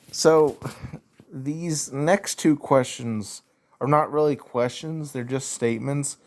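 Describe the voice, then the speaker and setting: A man with a Southern US accent speaks at a mid pitch in a slow, drawn-out way. He rants casually through viewer questions and leans on fillers as he goes. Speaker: YouTuber answering viewer questions. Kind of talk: casual ranting commentary.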